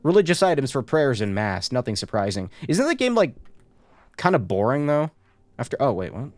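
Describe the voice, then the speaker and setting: A man streaming a horror game, reading the on-screen notes aloud and tossing in joking asides in a casual, relaxed way. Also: mid-range voice, normal speed, no echo.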